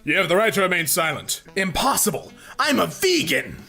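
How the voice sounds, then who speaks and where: Man reading meme jokes, crisp bright tone, deadpan delivery, light music bed. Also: high-pitched, a little fast. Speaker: narrator of meme compilation. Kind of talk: reading memes aloud. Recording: faint music behind.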